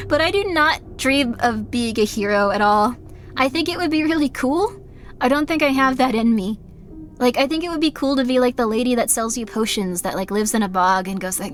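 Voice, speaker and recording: A woman's voice: a little high, animated, fairly quick, faint music behind. A young adult woman chatting on a live game stream, rambling candidly, apologizing often and filling her talk with "like". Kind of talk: casual live-stream chat.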